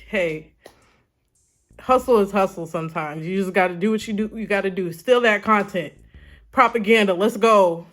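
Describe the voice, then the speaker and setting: A woman giving casual reaction commentary on short videos, chatty and dramatic, laughing often. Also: medium pitch. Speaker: YouTube commentator.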